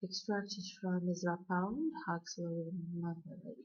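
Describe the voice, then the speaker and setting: Husky woman teaching slow and step by step, video lecture, dull lo-fi sound. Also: fairly low pitch, fairly even intonation, darkish tone. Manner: methodical, step-by-step explaining. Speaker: literature lecturer. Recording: dull lo-fi recording.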